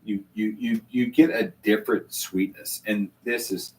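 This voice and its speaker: A man's voice: on the low side, steady tone, a little slow. A man hosting a casual whiskey tasting chat at a bar, enthusiastic and full of stammering restarts, heard from a distant mic. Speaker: host.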